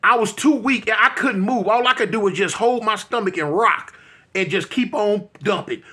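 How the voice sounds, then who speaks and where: High, bright comic storyteller man. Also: moderate pace. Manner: animated, acts out scenes with vocal sound effects and exclamations; addresses listeners directly, colloquial.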